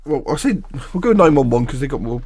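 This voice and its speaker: A man's voice: medium pitch, very animated, fast talker, a little mellow, husky. A man co-hosting a podcast, telling long jokes in a rambling way and giggling at them. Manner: rambling storyteller, giggles at his own jokes. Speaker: podcast co-host. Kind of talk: casual chat, telling jokes.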